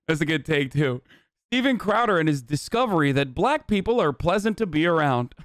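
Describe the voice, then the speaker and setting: A man's voice: a little high, animated, moderate pace, fairly bright tone, smooth, dry recording, studio quality. Profane, incredulous male streamer. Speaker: streamer reacting to a clip. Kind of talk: live stream commentary.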